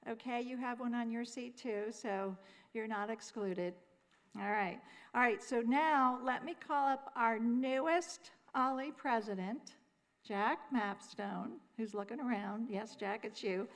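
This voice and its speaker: A woman hosts an event, chatty and pleading with the audience. Her voice sits a little high, and it rings out with a long reverb across the hall. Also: steady tone, unhurried. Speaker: event host. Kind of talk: announcements at a showcase. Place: auditorium stage.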